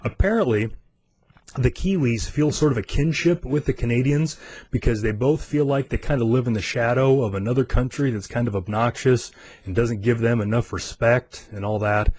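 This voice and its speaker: Animated american man telling a story. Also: mid-range voice, normal speed, breathy edge, no room sound. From United States. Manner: animated, acts out other people's lines in quoted voices, laughs often. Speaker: podcast host. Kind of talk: casual storytelling.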